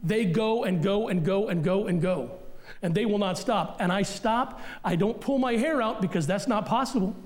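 A middle-aged man preaching a sermon as pastor in a church, blunt and forceful with repeated punchlines. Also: sits high, moderate pace. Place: church sanctuary.

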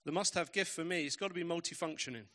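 Bright-voiced man preaching. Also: on the high side, fast talker. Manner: storytelling, emphatic, varied pacing. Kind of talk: sermon.

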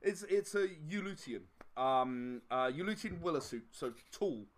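A man putting on a shrugging male shopkeeper in a tabletop game, his voice a touch higher than usual. Offhand and dismissive, with no interest in anyone's complaints. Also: lively intonation, a little slow.

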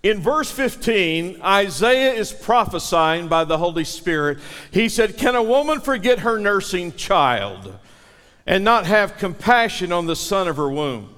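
High-voiced preaching man in a reverberant church. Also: big pitch swings, a little slow, fairly bright tone. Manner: dramatic preaching, calls on the congregation to repeat lines. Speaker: pastor. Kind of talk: sermon.

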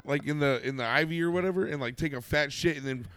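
A man's voice: on the high side, fast talker, fairly bright tone, no echo. Profane, laughing storytelling man. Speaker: podcast co-host. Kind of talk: casual chat among friends.

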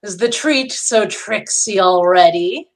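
A woman voicing a sadistic, cold male lord in a spoken fantasy story, drawing his words out slowly and mockingly. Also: medium pitch. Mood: cold, taunting. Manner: slow, drawn-out taunting delivery. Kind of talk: erotic audio story reading.

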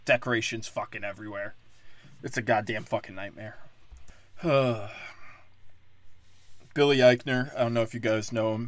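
A man's voice: mid-range voice, no room sound. A man hosting a podcast, delivering a profane, sarcastic comedic rant into a close mic. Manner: crude, profane, sarcastic ranting. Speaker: podcast host.

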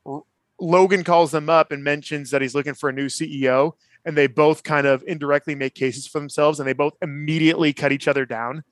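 A man chatting on a podcast about a TV drama, retelling scenes with quick acted-out lines from the characters. His voice sits a little higher than most men's. The sound is close and dry, with hardly any room around it. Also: steady tone, no echo. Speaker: podcast co-host. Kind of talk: casual TV recap chat.

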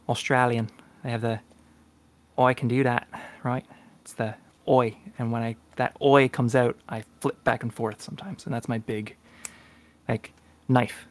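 A man's voice: medium pitch, little pitch movement, a little slow. A man co-hosting a casual podcast chat, hesitant with lots of fillers, often laughing. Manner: hesitant, many ums and uhs, laughs often. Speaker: podcast co-host and player.

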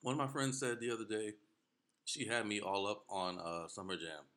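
A man's voice: on the low side, steady tone, normal speed, a bit bright. A man co-hosting a casual chat, bemused and questioning as he tells stories. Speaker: podcast co-host.

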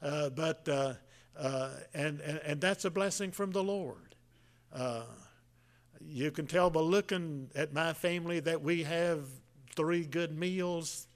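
An older preacher in his seventies delivers a homespun sermon, his voice sitting a little high for a man. He talks in a folksy, halting way, with plenty of fillers and restarts as he works his way through each point. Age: 70s. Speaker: pastor.

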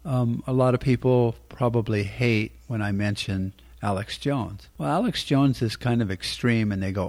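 A man's voice: mid-range voice, normal speed, hardly any pauses, a little mellow. A middle-aged American man hosting a podcast, giving rambling, blunt political commentary and swearing freely. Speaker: podcast host.

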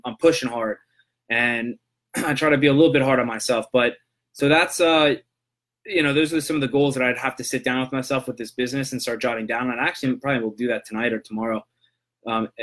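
A man's voice: mid-range voice, a bit bright. A man hosting a casual solo podcast, talking in a loose, rambling way and checking in with "right?". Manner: rambling, loose and conversational, tags lines with "right?". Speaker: podcast host.

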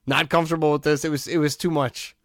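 Male podcast host, rambling storyteller, higher-pitched, dry close sound. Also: quick pace, no echo. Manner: rambling, animated storytelling with laughs. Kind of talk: casual chat.

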